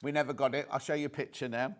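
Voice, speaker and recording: A man's voice: mid-range voice, level tone, racing. A British man presenting on a live shopping channel, chatty and prone to repeating words as he reads out viewer messages.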